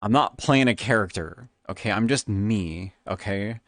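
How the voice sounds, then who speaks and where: A man's voice: on the low side, unhurried, no room sound. A man streaming casually, a bit tipsy from drinking, flamboyant, with a Valley Girl lilt. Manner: flamboyant, animated.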